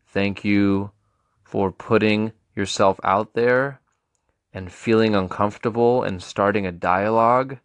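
A man's voice: fairly low pitch, clear, resonant tone, no echo, studio quality. A man in his twenties hosting his own podcast, talking in a playful, rambling and earnest way. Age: 20s. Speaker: podcast host. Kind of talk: casual solo podcast monologue.

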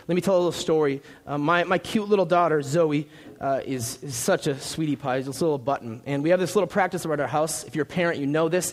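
A young male pastor from Minnesota preaching a sermon from a church stage, in a joking, conversational way. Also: fairly high pitch. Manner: jokey, conversational, lively.

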